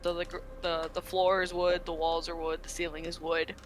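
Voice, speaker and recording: A woman's voice: on the low side, level tone, normal speed, slight background noise. A woman narrating as game master, describing scenes with frequent ums and restarts.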